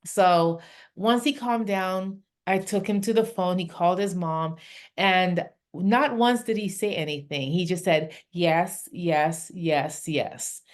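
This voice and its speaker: A woman's voice: fairly low pitch, measured pace. An older woman, a parenting coach hosting a podcast, recounting work experiences in an affirming, conversational way.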